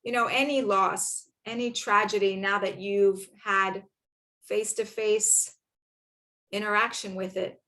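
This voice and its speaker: A woman hosting an interview, asking gentle, measured questions. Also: medium pitch, fairly even intonation. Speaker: host.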